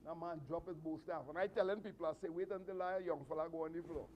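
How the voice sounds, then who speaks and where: A middle-aged man with a Trinidadian accent, a martial arts instructor telling travel stories to his students with animated emphasis and repetition. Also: on the high side, fast. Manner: animated, repeats phrases for emphasis. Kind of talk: storytelling speech to students. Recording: slightly dull sound, faint noise.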